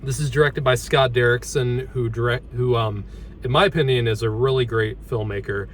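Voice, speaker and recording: A man hosting a casual movie review, halting often with ums and restarts as he talks through a horror mask. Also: mid-range voice, steady tone, slight background noise.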